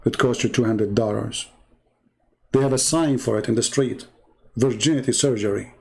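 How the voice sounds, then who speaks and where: A man's voice: medium pitch, fairly even intonation, moderate pace, creaky, darkish tone, husky. A man hosting a religious debate show, delivering a polemical monologue in a mocking, emphatic way, full of rhetorical questions and repetition for effect.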